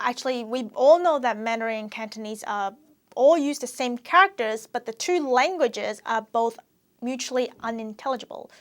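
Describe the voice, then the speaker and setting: A woman's voice: fairly high pitch, a bit bright. A woman hosting a casual educational chat, explaining language differences with chatty examples. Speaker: host.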